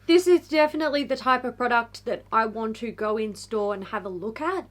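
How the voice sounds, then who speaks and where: A woman's voice: on the high side, expressive. Chatty woman co-host. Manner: chatty, candid and quick to laugh. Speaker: beauty news co-host. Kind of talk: casual chat.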